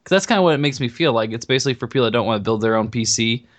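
A man co-hosting a casual podcast. He talks in a relaxed, halting way, often stumbling over repeated words as he works out his point. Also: medium pitch. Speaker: podcast co-host.

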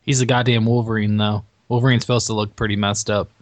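A laid-back man with a lowish voice chats on a podcast, laughing often and swearing without care. The sound is dry and close. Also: flat delivery, fast, dry recording. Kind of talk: casual chat.

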